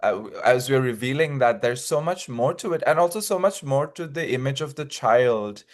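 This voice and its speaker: Male interviewer, mid pitch, casual and quick to agree. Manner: quick agreeing backchannels, energetic remarks. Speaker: interviewer, publicity director.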